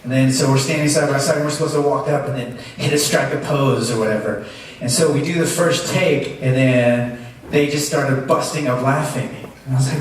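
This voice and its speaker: A man spins animated, laughing anecdotes for a fan panel. He speaks into a handheld mic in a large, very echoey hall. The recording is captured from far back in the room, with a noisy crowd murmur behind him. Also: medium pitch, moderate pace. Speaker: convention panel guest.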